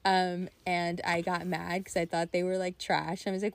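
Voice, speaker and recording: A young adult woman chatting casually, telling stories in a rambling, animated way full of "like" and laughter. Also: fairly low pitch, normal speed, few pauses. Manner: rambling, animated storytelling with frequent "like" and bursts of laughter. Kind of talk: casual chat.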